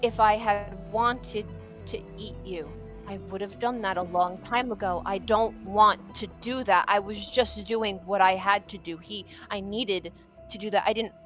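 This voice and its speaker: A woman's voice: on the high side, moderate pace, long pauses, fairly bright tone, faint music behind, lightly acted. A woman voicing a shaken young man who pleads and stammers, repeating himself, in tabletop role-play. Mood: hushed.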